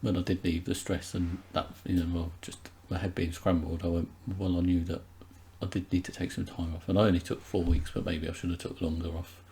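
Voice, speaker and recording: A man with a very low, gravelly voice, warm and dark in tone. He talks in a halting, hesitant way, restarting his sentences often. There is a faint hiss in the background. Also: level tone. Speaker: interview guest. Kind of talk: candid conversation.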